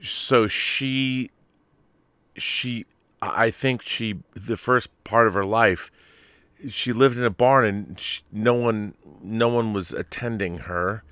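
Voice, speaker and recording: A man hosting a podcast, telling a rambling, animated story in casual chat. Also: fairly low pitch, slow pace, clear, resonant tone, no room sound. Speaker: podcast host.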